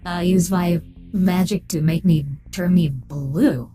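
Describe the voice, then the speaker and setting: A woman's voice: fairly low pitch, takes it slowly, dark tone, soft background music. A woman streaming a game through a voice-changer filter, chatting casually, thanking followers and reading chat aloud. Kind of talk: casual live-stream chat while playing.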